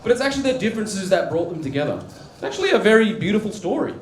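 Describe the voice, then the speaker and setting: A man telling a dry stand-up story with a lively, swinging pitch. The club is echoey, with faint ambience behind him. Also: racing, slight background noise. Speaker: stand-up comedian. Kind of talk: stand-up set.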